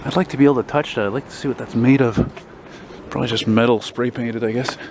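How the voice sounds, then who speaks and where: An older man vlogging as he walks a city street, rambling and opinionated, a self-described loudmouth. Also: medium pitch, fairly even intonation, fast talker. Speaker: walking vlogger. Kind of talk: casual walking commentary. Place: city street outdoors, walking. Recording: street noise behind.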